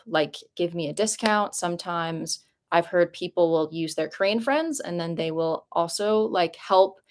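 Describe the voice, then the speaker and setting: A young woman vlogging casually from her apartment, talking in a chatty, rambling way with lots of "like" and rising emotion. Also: on the low side. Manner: chatty and rambling, heavy use of "like"; emotional, voice jumps up when moved. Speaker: vlogger answering viewer questions. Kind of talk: casual live-stream chat.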